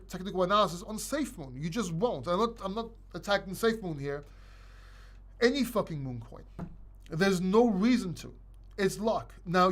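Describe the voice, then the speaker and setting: Male live-stream host, high-pitched, blunt and emphatic, slightly breathless. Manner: blunt, emphatic, repeats himself, swears. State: short of breath, a little sick. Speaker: crypto channel host. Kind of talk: live stream Q&A, opinionated rant.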